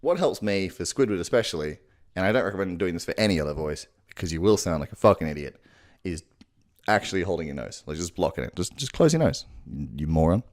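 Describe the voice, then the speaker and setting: Low voice guy doing a crude rambly impression tutorial, swoops up and down a lot. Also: animated, fast talker. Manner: crude, rambling, self-mocking. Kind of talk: casual tutorial. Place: home room at night.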